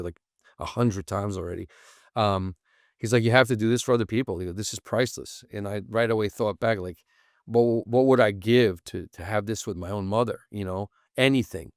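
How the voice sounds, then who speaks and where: A man who founded a startup tells a personal story on a podcast, earnest and quick, acting out a friend's lines in back-and-forth. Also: lowish voice, dry recording, studio quality.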